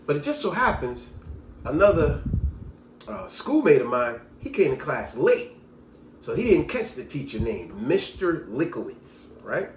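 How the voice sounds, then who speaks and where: Casting: male vlogger, lively storyteller with a bouncy, expressive pitch, recorded in a roomy space. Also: measured pace, slight background noise. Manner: animated storyteller, lively delivery. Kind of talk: casual storytelling monologue. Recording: echoey room.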